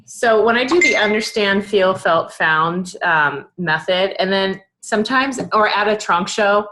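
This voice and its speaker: A woman's voice: medium pitch, expressive, normal speed, a bit bright. A woman in her thirties coaching her sales team in a casual, chatty way, acting out bits of customer dialogue. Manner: chatty, lots of fillers, acts out customer dialogue.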